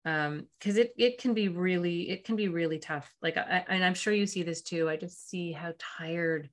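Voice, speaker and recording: Woman, low-ish voice, podcast host, affirming, reflective. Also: normal speed. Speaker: podcast host and parent coach. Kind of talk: podcast interview.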